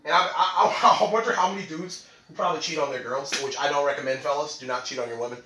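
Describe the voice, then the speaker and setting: A man's voice: on the high side, quick pace, noisy background. A man hosting a podcast, joking and slangy, laughing often in a comic monologue. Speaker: podcast host. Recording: roomy, away from mic.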